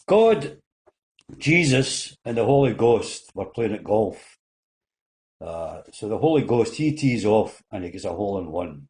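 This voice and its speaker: A man's voice: mid-range voice, lively intonation, normal speed, mellow. An older man with a Scottish accent telling a string of folksy jokes while seated, slipping into little voices for the characters.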